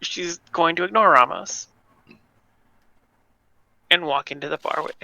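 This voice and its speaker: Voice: mid-range voice, unhurried, creaky, sharp tone, dry recording, poor audio. A tabletop game player speaking casually and partly in character, with coy, playful answers.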